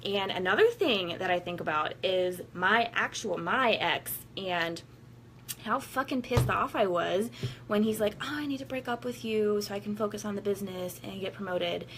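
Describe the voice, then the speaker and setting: A woman vlogging about her workouts in a candid, unfiltered way, swearing freely and laughing as she goes. She talks at an ordinary pitch and slips into little voices to act out quotes. A faint hiss of background noise sits under her voice. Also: normal speed, a bit bright. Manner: blunt and profane, laughing often, acting out quotes. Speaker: vlogger giving workout motivation. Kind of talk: casual candid monologue to viewers.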